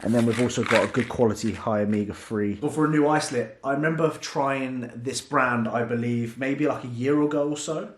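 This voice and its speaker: A man's voice: medium pitch, a little fast, few pauses, roomy sound. A man, a fitness vlogger and coach, chatting casually and jokingly through a product review and swearing freely.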